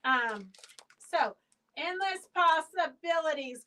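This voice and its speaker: A woman's voice: very high-pitched, lively intonation, slow, sharp tone, distant mic, poor audio. A woman who owns a fabric shop hosts a live sale stream, chatting in a rambling way and calling out auction winners by name.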